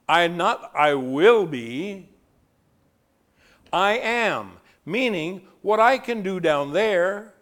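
Male pastor, sermon, slightly high voice, swings from loud to hushed, drawn-out words. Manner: swings from loud emphatic preaching to soft hushed tones; stretches key words slowly for emphasis.

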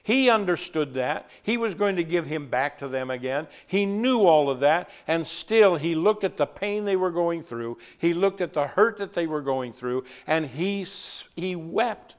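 Dynamic preaching man, loud to hushed. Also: fairly high pitch, animated, clean tone. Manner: swings from loud emphatic preaching to soft hushed tones; stretches key words slowly for emphasis. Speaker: pastor. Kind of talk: sermon.

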